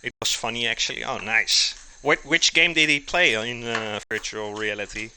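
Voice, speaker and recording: A man's voice: mid-range voice, fairly even intonation, moderate pace, bright, forceful tone, slight background noise. A man hosting a live cooking stream, chatting casually with his viewers, joking, laughing often and answering their messages while he cooks in his kitchen. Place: home kitchen.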